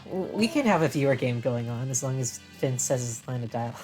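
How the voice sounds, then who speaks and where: A woman's voice: very deep voice, expressive, fast, darkish tone, soft background music, low-quality recording. A woman streamer chatting casually and with amusement while playing a game, full of fillers.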